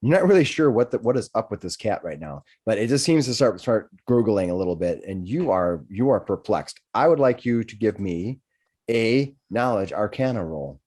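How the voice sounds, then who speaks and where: A man's voice: fairly low pitch, lively intonation, normal speed, mellow. A man narrating a tabletop game as game master, rambling with frequent restarts. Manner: rambling, restarts, laughs often.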